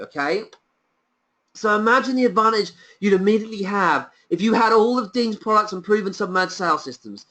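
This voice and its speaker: A man presenting a sales pitch on a webinar, enthusiastic and persuasive, piling up rhetorical questions. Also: a bit bright.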